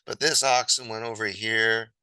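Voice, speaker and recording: A man casually telling a fable while sketching, rambling and playful with chatty asides. His voice is fairly low but bright and forceful, heard close and dry. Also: fairly even intonation, normal speed, clear, resonant tone, dry recording, poor audio. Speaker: storyteller.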